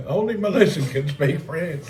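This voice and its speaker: Reading and responding to chat, this live streamer rambles and cracks jokes in a casual way. He speaks slowly in a somewhat high, slightly mellow voice with lively intonation. The mic is distant and roomy, with faint ambience and slight background noise.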